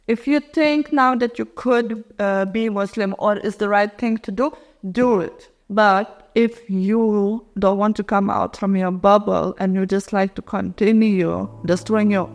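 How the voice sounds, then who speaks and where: Female guest in her thirties, Lithuanian accent, non-native English, animated when recounting events. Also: mid-range voice. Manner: lively storytelling with non-native grammar. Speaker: interview guest. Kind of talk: emotional personal testimony.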